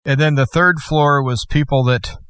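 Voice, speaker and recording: A man's voice: on the high side, fairly even intonation, normal speed, a bit bright, smooth, dry recording. A man, guest host of a faith show, telling a personal testimony in plain storytelling with dry humor.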